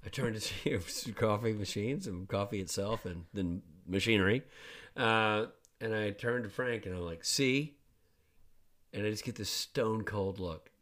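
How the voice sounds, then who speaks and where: A man's voice: on the low side, normal speed, a bit bright. A middle-aged man telling a long story in casual chat, acting out quotes with big jumps in his voice. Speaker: podcast co-host.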